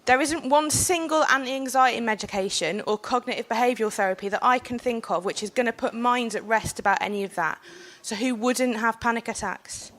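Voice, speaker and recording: A young woman, speaking on a panel while nursing a cold, earnest and forceful, with frequent "um"s. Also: a little high, brisk, hardly any pauses. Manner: earnest, forceful, with filler ums. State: has a cold. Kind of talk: impassioned public speech.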